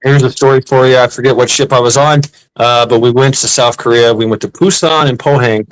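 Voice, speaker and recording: Halting man telling a service story. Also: mid-range voice, fairly even intonation, clean tone, dry recording, poor audio. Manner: halting, many restarts and "uh" fillers. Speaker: former Marine. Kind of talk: casual chat, telling war stories.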